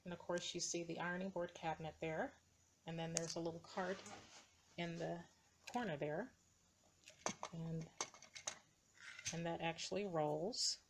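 Low-voiced woman, hesitant show-and-tell. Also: fairly even intonation, noisy background. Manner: slow and hesitant, many ums and uhs. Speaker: dollhouse hobbyist showing her builds. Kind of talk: casual show-and-tell narration. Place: indoors beside a dollhouse, camera moved by hand.

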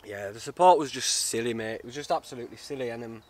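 A man's voice: medium pitch, fast talker, a little mellow. A man vlogging outdoors in the woods, chatty and heartfelt, often calling the viewer mate. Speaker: bushcraft vlogger. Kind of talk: casual outdoor vlog.

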